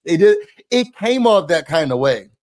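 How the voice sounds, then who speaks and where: A man talks through a reality show recap in a loose, opinionated rant, full of slang and fillers. His voice sits a little high for a man. The sound is dry and close, with no room echo. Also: sing-song, normal speed, darkish tone. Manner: chatty, opinionated, slangy storytelling with frequent fillers.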